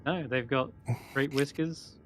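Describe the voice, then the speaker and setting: A man's voice: medium pitch, fairly even intonation, a little slow, crowd noise. A man narrating as game master, hesitant with frequent ums. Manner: hesitant, many ums and restarts.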